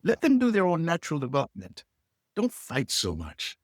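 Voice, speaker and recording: Recorded up close with a dry sound and no audible room, this husky middle-aged man is a guest and leadership coach. At a moderate pace, he delivers animated stories, leaping between characters and voicing each line with big, lively shifts in pitch.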